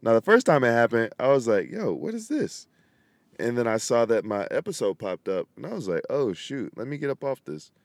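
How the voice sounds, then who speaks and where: A man's voice: mid-range voice, lively intonation, a little fast, few pauses, no echo. A young man hosting his own podcast, chatting casually in a laid-back, slangy way and talking straight to his listeners. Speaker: podcast host. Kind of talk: casual solo podcast chat.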